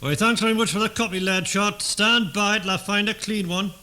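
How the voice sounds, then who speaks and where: An actor uses a high, bright, pushed voice and brisk delivery to play a Geordie father lost while driving. With a Geordie accent and courteous manner, he asks for directions over CB radio in concise radio jargon.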